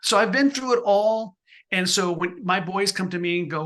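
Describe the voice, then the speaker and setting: An older man in his sixties gives motivational advice in an interview, pressing each point hard and often circling back to restart a phrase. His voice sits a little high for a man and rings bright and forceful. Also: normal speed. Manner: emphatic, repeats and restarts phrases. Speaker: photographer, interview guest.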